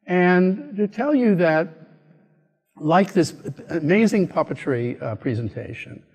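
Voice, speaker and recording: An American man giving a conference keynote, telling a story in an animated way and acting out the voices of the people in it. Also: high-pitched, slow pace. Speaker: keynote speaker. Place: conference hall. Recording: echoey hall.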